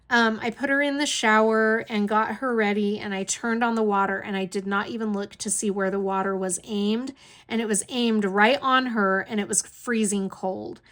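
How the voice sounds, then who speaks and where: A woman's voice: fairly high pitch, a bit bright. A middle-aged woman at home, chatting casually as she tells a story and laughing often. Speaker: hobby vlogger, caregiver to her aunt.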